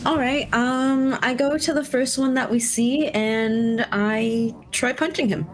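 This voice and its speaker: A woman's voice: a little high, fairly even intonation, slow, soft background music. A woman playing a tabletop role-playing game, brash and playful. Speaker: player.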